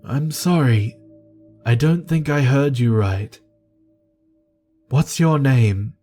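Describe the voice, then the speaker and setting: A man's voice: medium pitch, takes it slowly, warm tone, faint music behind, voice pushed up. A man voicing a frightened blind old male killer who pleads and strains in a storybook horror reading. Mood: confused.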